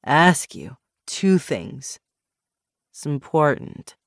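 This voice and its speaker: A woman's voice: sits low, very animated, extremely slow, dry recording, studio quality, exaggerated voice. A woman voicing a drunk man who rambles and pleads in a loose, unsteady way. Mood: drunk, rambling.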